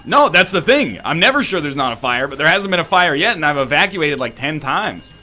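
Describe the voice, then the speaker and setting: A man riffing casually at his desk while playing a game. His voice is bright and animated, swinging widely in pitch. Faint music plays behind his sarcastic, quick comebacks. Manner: wry, sarcastic banter. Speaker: let's play host. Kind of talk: casual chat over gameplay. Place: apartment.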